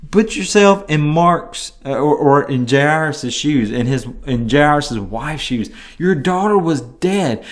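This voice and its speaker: A man hosting a Bible teaching podcast, talking in a relaxed, conversational way. His voice sits a little higher than most men's. He gets animated when he acts out what people said. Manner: lively, conversational, swings into animated quoted voices. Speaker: podcast host teaching scripture.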